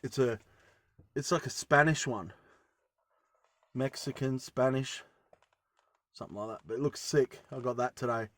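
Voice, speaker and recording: A man's voice: medium pitch, measured pace, long pauses, fairly bright tone, dry recording. A man vlogging casually from inside his van, rambling enthusiastically with lots of fillers as he shows off his gear. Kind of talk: casual show-and-tell vlog.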